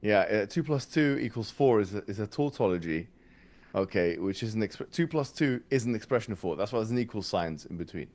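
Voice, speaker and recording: A man arguing in an animated podcast chat, mocking his opponents and laughing as he makes his points. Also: fairly low pitch, brisk. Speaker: debater guest.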